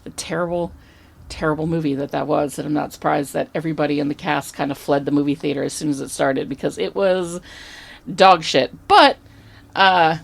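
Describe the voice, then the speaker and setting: A woman co-hosting a podcast, telling a story in an animated, chatty way with casual swearing. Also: sits low, fairly quick, gravelly. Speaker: podcast co-host.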